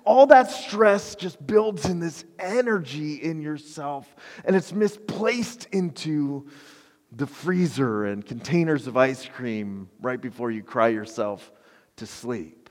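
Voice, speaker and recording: A pastor preaching a conversational, emphatic sermon with self-deprecating humor. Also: male voice, fairly high pitch, animated, takes it slowly, darkish tone, long reverb tail.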